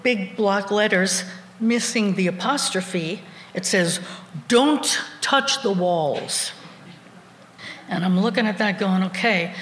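Animated woman storyteller in an echoey hall. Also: mid-range voice. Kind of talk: live personal storytelling.

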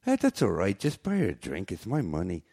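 A man's voice: low-pitched, huge pitch swings, gravelly, dark tone, slightly rough, heavily acted. A man putting on a flirty, stammering Irishman in a joke he tells on stage. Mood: stammering, eager. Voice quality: halting, stammering.

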